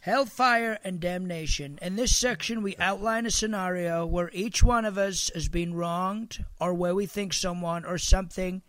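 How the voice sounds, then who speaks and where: A man voicing a slow, solemn intro for a podcast segment over music. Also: high voice, fairly bright tone. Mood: ominous. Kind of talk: dramatic recorded jingle intro.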